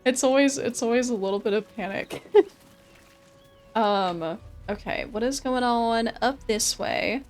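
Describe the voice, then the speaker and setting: A woman streamer chatting casually over gameplay, laughing often and repeating herself when excited. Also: a little high, a little slow, soft background music.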